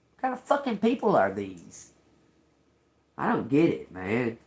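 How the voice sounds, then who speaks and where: A woman's voice: a bass voice, wildly swooping pitch, unhurried, a little mellow. A middle-aged woman on a livestream, angrily telling a personal story with lots of cursing. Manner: agitated, profane ranting. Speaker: livestream host. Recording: roomy echo.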